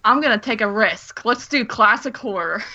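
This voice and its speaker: A woman's voice: on the high side, animated, moderate pace, pushed and bright. A woman playing a quiz with friends, hesitating and thinking aloud over answers. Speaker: quiz player. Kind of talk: casual game chat. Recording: dull lo-fi sound.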